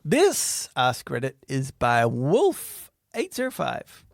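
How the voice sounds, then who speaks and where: A man's voice: mid-range voice, wildly swooping pitch, slow, gravelly. A young adult Australian man co-hosting a podcast in casual, joking chat, often laughing and trailing off mid-sentence. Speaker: podcast co-host.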